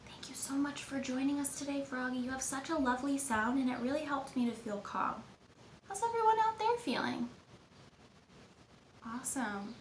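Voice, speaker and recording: A young woman's high-pitched, animated voice moves at a moderate pace as she plays Jane, a cheerful adventurer and friendly guide. She leads children through movement and mindfulness in an encouraging, upbeat way. There's slight background noise, and the room is echoey with faint ambience.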